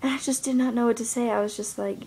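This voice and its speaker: A young woman vlogs to her camera, rambling through a personal story packed with fillers like "like" and "you know." Her voice is a little high, a little mellow and husky, with a steady tone, and she talks fast.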